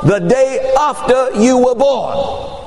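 Animated preacher man in an echoey hall. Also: very high voice, slow, gravelly, slight background noise. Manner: animated storytelling with acted quotes. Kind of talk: sermon. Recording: echoey hall with long reverb.

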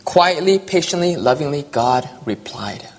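A preacher giving a sermon, reading a poem aloud in an earnest, slow way with soft pauses. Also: mid-range voice, lively intonation.

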